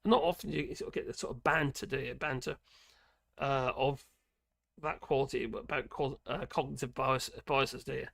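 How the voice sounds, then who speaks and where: A man giving rambling, opinionated political commentary on a live stream. His voice is hoarse and croaky, and he speaks colloquially with many fillers. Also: medium pitch, fairly even intonation, normal speed, fairly bright tone.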